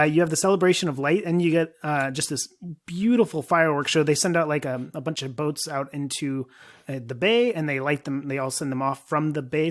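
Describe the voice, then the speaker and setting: A man from Canada chatting casually on a podcast, rambling and joking with lots of fillers. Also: on the high side. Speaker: podcast co-host.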